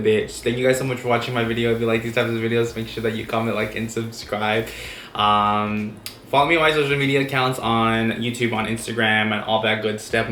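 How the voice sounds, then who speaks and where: A young man tells a story to his camera in a loose, animated way, swearing freely and acting out what everyone said. His voice is mid-pitched and carries an echoey room sound with faint background noise. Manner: animated, profane storytelling with acted-out quotes. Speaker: vlogger. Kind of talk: casual storytime vlog.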